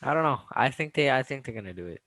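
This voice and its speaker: A man's voice: medium pitch, animated, fast talker, pushed and bright, no echo, low-quality recording. A man co-hosting a casual movie review podcast, agreeable and upbeat, often chiming in to back his partner up. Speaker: podcast co-host.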